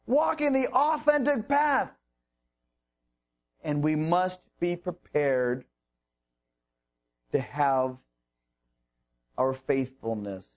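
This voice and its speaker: A male preacher with a rather high voice delivers a sermon. He moves slowly and deliberately, leaning on long pauses between phrases. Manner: slow, deliberate Bible teaching with drawn-out pauses.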